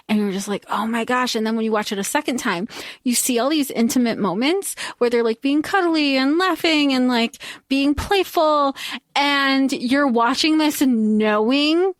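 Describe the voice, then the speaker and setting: Woman co-host, slightly high pitch, dry close sound, thoughtful rambling film talk. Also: no echo. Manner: thoughtful, fillers like "like" and "you know", self-correcting. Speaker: podcast co-host. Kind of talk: casual movie recap chat.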